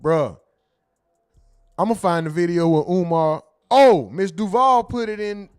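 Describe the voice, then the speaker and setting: A man's voice: sits high, measured pace, clean tone, soft background music. Joking, profane man hosting a livestream. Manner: loose, joking, profane, sings and mumbles to himself. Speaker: streaming show host. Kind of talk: casual livestream chat, reading chat comments.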